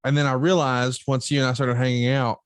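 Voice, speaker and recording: A man's voice: medium pitch, flat delivery, fairly quick, clear, resonant tone, dry recording, studio quality. A man co-hosting a podcast, teasing his guest and setting up long questions in a chatty way. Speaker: podcast co-host. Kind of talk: casual interview chat.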